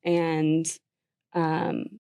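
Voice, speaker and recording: A woman's voice: deep voice, monotone, very slow, gravelly, dark tone, smooth, dull audio. A woman, a podcast guest talking earnestly and casually with many "like" fillers. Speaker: guest, former communications manager. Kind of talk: casual interview chat.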